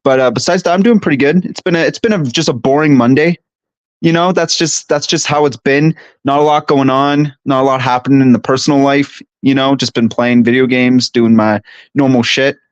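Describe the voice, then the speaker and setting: A man's voice: mid-range voice, fairly even intonation, normal speed, clean tone, dry recording. A young man, stuffy from allergies, chatting casually and profanely on a live stream and reading chat aloud. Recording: dry, slightly dull home recording.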